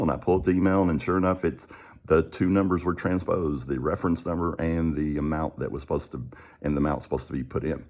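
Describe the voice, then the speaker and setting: A man with a very low, deep voice who speaks casually and directly to the camera. He retells a story by acting out both sides of the conversation, with many restarts. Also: fast talker, a little mellow. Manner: conversational, acts out the dialogue, frequent restarts. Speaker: coach and show host.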